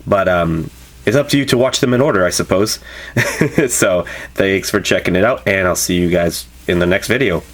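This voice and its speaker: A man with a very low voice talks through a drink review in a loose, rambling way. He keeps correcting himself and filling gaps with "um" and "you know". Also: moderate pace. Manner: rambling, relaxed, lots of fillers and self-corrections. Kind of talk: casual product review vlog.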